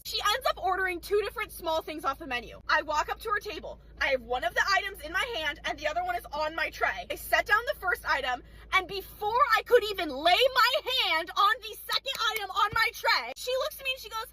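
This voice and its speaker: A woman's voice: very high voice, expressive, brisk, few pauses, pushed and bright, a little hiss or hum, low-quality recording. Blunt, swearing teenage server woman. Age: late teens. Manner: blunt and exasperated, heavy swearing. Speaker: restaurant server. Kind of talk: ranting vlog monologue. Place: in a car.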